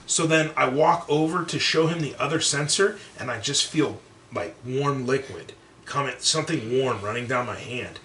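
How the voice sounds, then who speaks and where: A young man with a bright, forceful voice tells a crude story on a podcast, swearing freely and jumping into the voices of the people in it. He sits back from the mic in a roomy, echoey space with a faint hiss of background noise. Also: medium pitch, moderate pace, recorded from a distance. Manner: profane, animated, acts out quotes. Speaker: podcast co-host. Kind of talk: casual storytelling chat.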